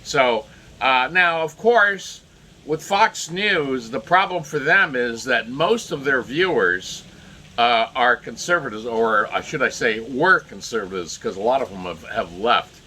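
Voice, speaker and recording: A man's voice: medium pitch, animated, a little slow, pushed and bright, a little hiss or hum. A man giving indignant solo political commentary, rambling with many fillers and restarts.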